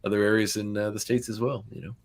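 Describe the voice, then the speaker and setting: Low-voiced man with a Nova Scotian accent. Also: level tone, quick pace. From Canada. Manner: meandering, many fillers and restarts. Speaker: podcast host. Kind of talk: casual podcast chat.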